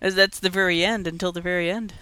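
A woman's voice: lowish voice, fairly even intonation, pushed and bright, smooth, dry recording. Chatty woman co-hosting a podcast. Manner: chatty, teasing, quick reactions. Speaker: podcast co-host. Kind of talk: casual chat.

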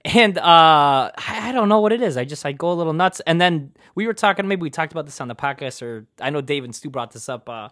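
A man's voice: fairly high pitch, animated, quick pace, hardly any pauses, a bit bright. A man from Chicago with a Chicago accent, co-hosting a podcast in casual chat, rambling with lots of fillers and swearing. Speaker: podcast co-host.

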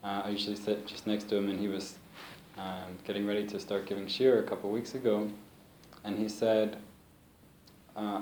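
A man giving an informal talk to a small group, telling stories in a relaxed way and laughing often. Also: on the low side, brisk. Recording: roomy, faint background hiss.

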